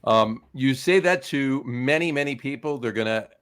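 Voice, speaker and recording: A man's voice: mid-range voice, normal speed, a bit bright, clean tone. A man co-hosting a casual podcast, chatty, often repeating words as he gathers his thoughts. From New Jersey. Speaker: podcast co-host. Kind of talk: casual chat.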